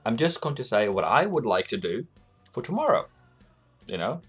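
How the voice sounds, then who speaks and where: A man's voice: medium pitch, very animated, normal speed, a bit bright, breathy edge, soft background music. A man hosting a live forex trading stream, chatting casually with viewers and laughing often as he talks through charts. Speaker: forex trading livestream host.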